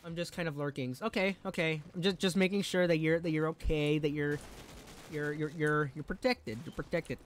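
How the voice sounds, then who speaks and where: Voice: mid-range voice, steady tone, moderate pace, slight background noise. A game streamer chatting casually on a live stream, rambling, giggling and tripping over words.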